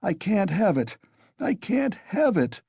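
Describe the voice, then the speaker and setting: Guy reading as a feverish young man snapping orders, husky voice, dry close sound. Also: a little high, very animated, unhurried, a little mellow, no room sound, pitched above the performer's own voice, full character voice. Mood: irritable. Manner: irritable, insistent outbursts.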